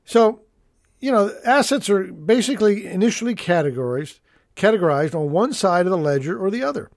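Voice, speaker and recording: A man's voice: high voice, lively intonation, brisk, dry recording, clean studio sound. A middle-aged man, an estate planning attorney hosting an educational talk show, explaining rules in an emphatic, folksy way and repeating his key points. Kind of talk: educational radio-style talk.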